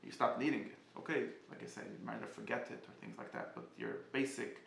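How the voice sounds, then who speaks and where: A man giving a casual spoken class, halting and often restarting as he searches for words. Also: mid-range voice, creaky, a bit bright, roomy sound, slight background noise. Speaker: teacher.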